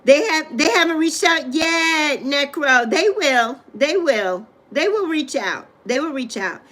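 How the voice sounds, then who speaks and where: Middle-aged woman chatting on her livestream, high voice that swoops around, slow and bright. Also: lively intonation. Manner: greets viewers by name, repeats phrases, gushing and affectionate. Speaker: livestream host. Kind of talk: casual livestream chat with viewers.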